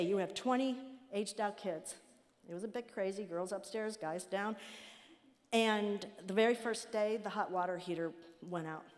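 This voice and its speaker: Woman storyteller in a reverberant hall. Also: medium pitch. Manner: animated storyteller acting out quoted voices. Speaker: nonprofit president speaking at a summit. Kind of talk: storytelling talk to an audience.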